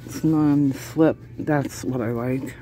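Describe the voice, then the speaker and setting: A woman's voice: a bass voice, steady tone, slow pace, noisy background. A woman chatting casually to viewers while shopping, often chuckling, filmed on a handheld phone inside a large store. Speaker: shopping vlogger. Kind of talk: casual running commentary.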